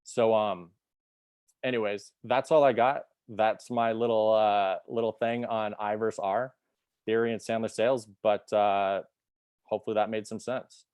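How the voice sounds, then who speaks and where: A man's voice: lowish voice, steady tone, moderate pace, darkish tone, clear, resonant tone, no echo. A man giving a casual sales training talk over a video call, rambling with many fillers. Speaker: sales team presenter.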